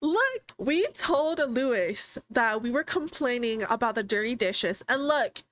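A young woman casually commenting on a life-simulation game, chatty and excitable, often voicing her characters' thoughts. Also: a little high, a little slow. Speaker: gaming streamer. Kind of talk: casual let's-play commentary.

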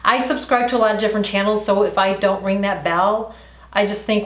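A woman's voice: mid-range voice, a little fast. Chatty middle-aged woman in an echoey room. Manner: chatty, talks while applying makeup. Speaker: beauty vlogger. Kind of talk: casual makeup tutorial.

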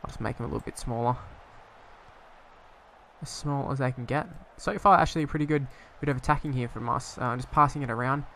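A man's voice: mid-range voice, fast talker, sharp tone, slight background noise. A young man casually commentating on his own football management game, rambling and hesitant, breaking into sweary frustration. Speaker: gaming YouTuber.

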